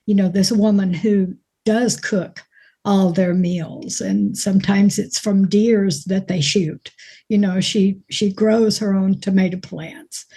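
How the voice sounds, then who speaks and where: A woman from Alabama with a mild Alabama accent, chatting as an actress guest in an interview, folksy and quick to laugh. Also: medium pitch, mellow. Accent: mild Alabama Southern. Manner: folksy, chatty storyteller who laughs easily. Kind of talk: casual interview chat.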